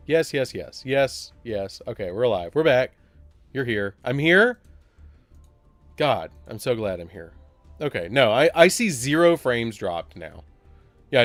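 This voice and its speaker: A man's voice: mid-range voice, no room sound. A man from Alabama with a Southern accent, rambling and joking with his chat while live-streaming a card game. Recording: dry with faint music behind.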